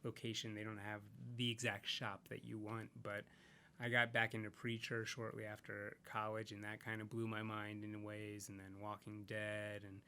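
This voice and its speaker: A man's voice: on the low side, monotone, moderate pace, sharp tone, smooth. A man talking casually as a podcast guest, rambling and reflective, with many fillers and restarts. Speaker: podcast guest, comics creator. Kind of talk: casual interview chat.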